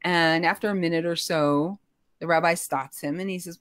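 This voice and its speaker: Middle-aged woman, low-pitched, lively storyteller, dry close sound. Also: normal speed, no echo. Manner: animated, expressive, rising pitch when emotional. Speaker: guest telling her story. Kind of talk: conversational storytelling.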